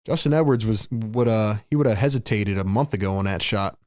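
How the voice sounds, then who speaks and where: A man hosting a live fan stream, calling the game play by play and reacting excitedly while talking to viewers in the chat. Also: on the low side, a little fast, no room sound, clean studio sound. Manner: excitable, shouts big plays, chats with viewers. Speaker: livestream host.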